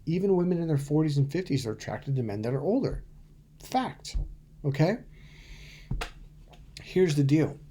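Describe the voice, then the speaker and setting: A man's voice: fairly high pitch, sing-song, normal speed, pauses often, dark tone, a little hiss or hum. A middle-aged man, a dating coach, talking bluntly and profanely to camera, telling stories and acting out quotes. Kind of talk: casual to-camera coaching talk.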